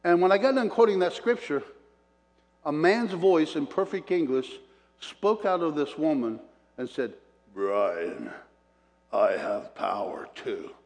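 A man's voice: sits high, lively intonation, moderate pace, a little mellow. A man preaching a sermon, telling personal stories, chuckling between points and acting out what people said. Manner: storytelling, chuckles between points, acts out quotes. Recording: long hall reverb.

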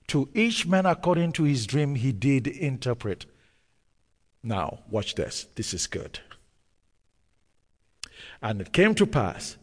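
A pastor preaching a sermon, reading scripture aloud and retelling it with dramatic pauses and sudden bursts of emphasis. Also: male voice, on the high side, big-room sound.

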